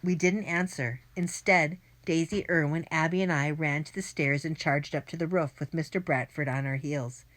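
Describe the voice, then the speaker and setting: Narrator: woman, lowish voice, brisk first-person children's story reading. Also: fairly even intonation, fairly bright tone. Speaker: audiobook narrator.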